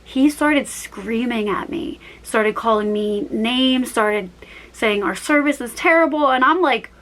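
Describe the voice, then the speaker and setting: A woman's voice: on the high side, unhurried, fairly bright tone, rough recording. A woman in her early twenties telling casual stories in a rambling, chatty way, acting out her own quoted lines. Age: young adult, about 21. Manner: chatty, rambling, tangents and self-corrections. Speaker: vlogger. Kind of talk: casual storytime chat.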